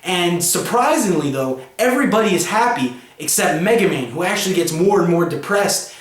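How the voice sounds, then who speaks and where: A man's voice: high-pitched, animated, a little fast. A man giving a casual, chatty spoken review of a comic book, full of fillers. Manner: chatty, many fillers and 'you know'. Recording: roomy echo.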